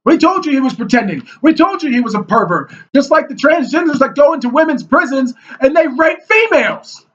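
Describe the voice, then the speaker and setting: A man's voice: very high voice, expressive, a little fast, a bit bright. A man delivering a heated, mocking rant to the camera, scornful and indignant. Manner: heated and mocking, mimics opponents in whiny voices. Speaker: video blogger. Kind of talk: ranting monologue. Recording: dull lo-fi recording.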